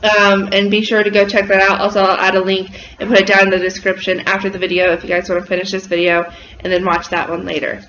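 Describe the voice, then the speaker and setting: A woman's voice: mid-range voice, monotone, quick pace, fairly bright tone. A woman hosting her vlog in a bubbly, chatty way. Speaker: vlog host. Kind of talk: casual vlog chat. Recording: roomy, dull and slightly noisy.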